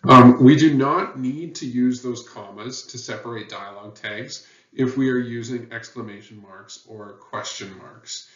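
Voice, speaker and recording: A man's voice: mid-range voice, a little slow. A man teaching a lesson on writing rules, patient and plain, with many fillers. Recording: dull, roomy sound from a distant mic.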